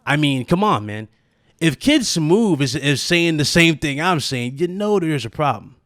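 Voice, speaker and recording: A man's voice: on the high side, very animated, a little slow, fairly bright tone, dry recording, clean studio sound. A man hosting his own gaming channel, talking casually and animatedly straight to his viewers, with plenty of asides and fillers. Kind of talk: casual gaming commentary vlog.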